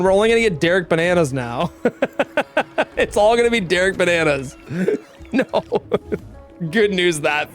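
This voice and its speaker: A man with a notably high speaking voice talks loosely to his stream audience, relaxed and quick to swear or laugh. Soft music plays faintly underneath. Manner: laid-back, swears and laughs often. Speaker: game streamer. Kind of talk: casual stream commentary.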